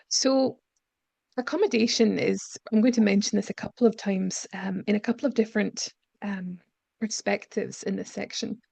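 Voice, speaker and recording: Gravelly-voiced woman teacher trainer. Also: mid-range voice, steady tone, a little mellow, no echo. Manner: measured explaining with frequent ums. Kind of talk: lecture-style webinar presentation.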